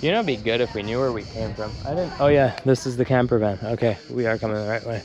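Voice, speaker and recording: A man's voice: mid-range voice, fast talker, highs cut off, music in the background. A young man vlogging casually to an action camera while walking outdoors at dusk, rambling and joking as he talks to the camera. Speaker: travel vlogger. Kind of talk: casual vlog talk to camera. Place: outdoors on hillside streets at dusk. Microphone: handheld action camera.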